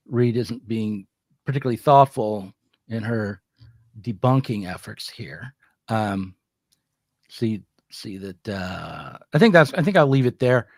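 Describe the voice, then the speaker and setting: A man's voice: medium pitch, a little mellow, no echo, clean studio sound. A man co-hosting a political discussion show, talking with hesitant restarts and fillers. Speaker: podcast co-host.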